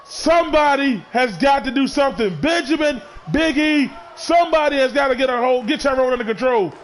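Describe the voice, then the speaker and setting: A man doing excitable play-by-play commentary of a wrestling match, often shouting his calls. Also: extremely high pitch, a little fast, a faint crowd, slight background noise.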